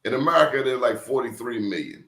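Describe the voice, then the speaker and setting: A man's voice: mid-range voice, quick pace, a bit bright. A man in casual conversation, telling stories emphatically with blunt slang. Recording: roomy echo.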